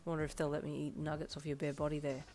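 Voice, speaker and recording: Woman doing a low, smug, teasing young man. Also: monotone, fast, a little mellow, soft background music. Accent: Australian. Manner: low murmuring, half-whispered teasing.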